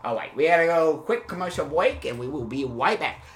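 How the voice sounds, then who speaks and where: A man hosting an improvised comedy podcast, rambling and halting with many fillers before turning suddenly emphatic. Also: on the high side, very animated, echoey room. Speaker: podcast host.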